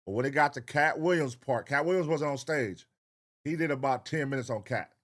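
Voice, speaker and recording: A man's voice: mid-range voice, fairly quick, fairly bright tone. A man hosting a reaction video, riffing in a casual, profane, slangy way. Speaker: reaction channel host.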